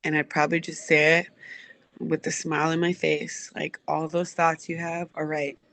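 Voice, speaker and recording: A woman's voice: sits low, little pitch movement, normal speed, fairly bright tone, no echo. A woman coach as an interview guest, answering in an earnest, reflective, heartfelt way.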